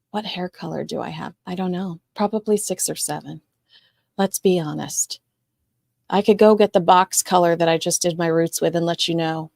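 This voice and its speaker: A woman's voice: on the low side, darkish tone, dry recording, clean studio sound. A woman hosting a casual livestream, chatting and reading viewer comments in a rambling, talkative way. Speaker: show host reading live chat.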